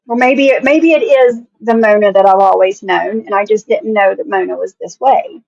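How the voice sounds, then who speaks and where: A woman's voice: medium pitch, moderate pace, creaky, darkish tone, dry recording, muffled recording. A woman from West Virginia with a country accent, giving blunt, casual commentary on a stream and swearing freely.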